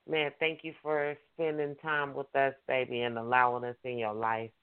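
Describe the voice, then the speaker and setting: A man's voice: medium pitch, monotone, moderate pace, clear, resonant tone. A man hosting an online radio show, hyped and repetitive, calling out to his listeners. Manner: hyped, repetitive, call-and-response. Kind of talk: casual radio show talk. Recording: tinny phone line.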